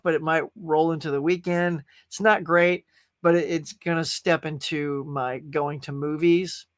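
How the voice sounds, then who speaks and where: Chatty high-voiced american guy rambling on a live stream, dry close mic. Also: fairly bright tone, no echo. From United States. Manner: rambling and chatty, reading out viewer comments. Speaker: host of a live pop culture show. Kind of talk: casual live-stream chat with viewers.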